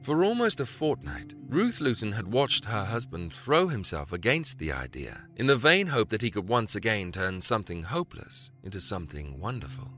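A man narrating a story in an expressive, dramatic reading style. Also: lowish voice, moderate pace, hardly any pauses. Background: faint music.

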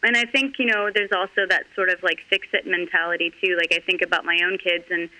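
A middle-aged woman talking candidly in an interview, earnest and halting with frequent restarts. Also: fairly low pitch, steady tone, bright, forceful tone, poor audio. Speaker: guest.

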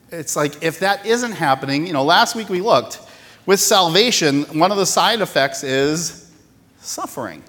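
Halting, conversational male pastor in a hall. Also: a little high, a bit bright. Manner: conversational, self-deprecating, halting with restarts. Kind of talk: sermon. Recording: reverberant church hall.

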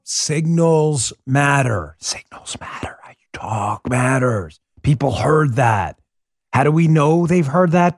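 A man's voice: medium pitch, darkish tone, dry recording, studio quality. A man hosting a political commentary podcast, speaking emphatically, hammering his points with repeated catchphrases and now and then turning to his co-host. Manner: emphatic, repeats slogans for stress; talks to a co-host by name.

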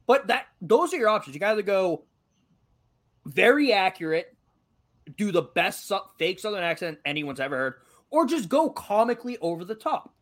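Animated young man with a lively high voice. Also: normal speed. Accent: light Massachusetts. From Massachusetts. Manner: animated, joking, swears freely. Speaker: podcast co-host. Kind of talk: casual chat.

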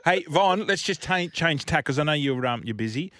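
A man's voice: fairly high pitch, expressive, normal speed, a bit bright. A man co-hosting a sports podcast, bantering and laughing through stories. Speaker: podcast co-host. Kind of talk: casual chat.

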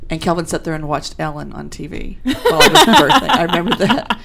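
A woman's voice: low-pitched, big pitch swings, fast, vocal fry, a crowd in the background. A woman co-hosting a casual chat show, telling blunt, wry stories about giving birth. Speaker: co-host.

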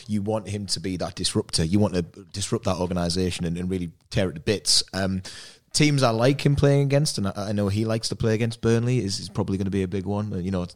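Man, lowish voice, animated and stammery in casual football chat. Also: quick pace, few pauses. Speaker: podcast regular.

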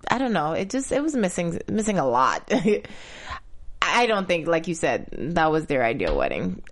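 A woman's voice: on the low side, big pitch swings, normal speed. Giggly Caribbean-accented woman co-host. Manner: giggly, emphatic, acts out quotes. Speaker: podcast co-host. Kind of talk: casual TV recap chat.

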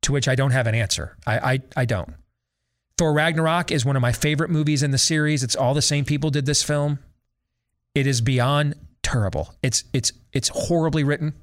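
A man's voice: medium pitch, brisk. A middle-aged man hosting a talk show, giving a sarcastic, exasperated and emphatic rant about a film. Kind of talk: opinionated movie-review rant.

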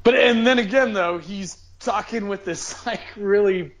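A man hosts a casual podcast chat in a lively, joking way and often restarts his sentences. His voice sits high for a man. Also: measured pace, slight background noise, rough recording. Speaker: podcast host.

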